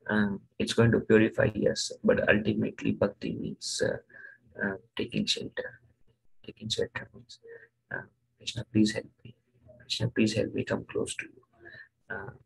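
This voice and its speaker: A man teaching a devotional scripture class, telling stories thoughtfully with frequent pauses. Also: fairly low pitch, gravelly, husky, rough recording.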